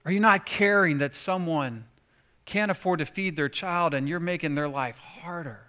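A man preaching a sermon from the pulpit. His voice sits a little high and rings bright and forceful. He talks in an easy, conversational way and leans in hard on the lines he stresses. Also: normal speed. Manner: conversational preaching, rising to emphatic. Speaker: pastor.

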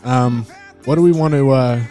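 A man's voice: mid-range voice, steady tone, normal speed, mellow, soft background music. Upbeat man running a podcast rundown. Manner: upbeat, lays out the show rundown. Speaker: podcast co-host. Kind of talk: casual group chat.

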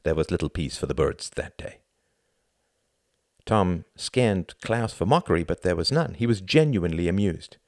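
An audiobook narrator reads a novel aloud in a measured, even storytelling manner, his low voice captured in a dry, studio-quality recording of scripted narration.

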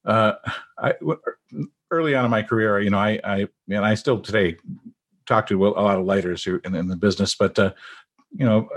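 A man's voice: lowish voice, fairly quick, long pauses. A man chatting casually, stammering and repeating words as he tells stories about working with lighting artists. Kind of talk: casual anecdote chat.

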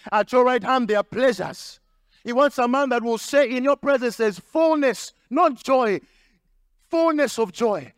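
High-voiced preaching pastor, dry sound. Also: male voice, lively intonation, measured pace, clear, resonant tone, no room sound. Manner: emphatic preaching with repetition and acted quotes. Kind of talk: sermon.

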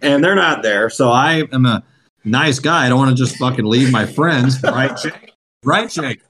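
A man's voice: medium pitch, normal speed, a bit bright. Man, podcast co-host, casual storytelling, lots of swearing, faint background hiss.

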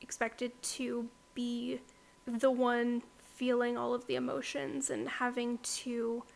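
A woman's voice: fairly high pitch, monotone, takes it slowly, vocal fry. A woman co-hosting a casual book club podcast, talking in a chatty, rambling way and often saying "like". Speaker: podcast co-host.

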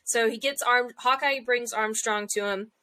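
A woman's voice: on the high side, steady tone, normal speed, pushed and bright. A woman casually recapping a show episode, retelling scenes and acting out the characters' lines. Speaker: podcast co-host.

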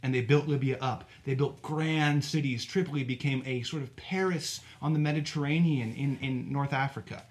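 A man's voice: mid-range voice, steady tone, moderate pace, few pauses. A man, co-hosting a podcast, talking in an opinionated, argumentative way and asking rhetorical questions. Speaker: podcast co-host. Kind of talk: casual podcast talk.

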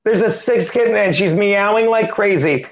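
A middle-aged man with a fairly high voice tells a rambling comic story as an interview guest. He jumps between asides and acted-out quotes. The recording sounds dull and lo-fi. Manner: animated, quick joking delivery with acted quotes. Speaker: comedian guest.

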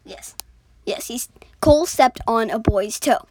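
A woman's voice: a little high, a little slow, dry recording. A woman improvising a story as a storyteller, rambling with many fillers and restarts.

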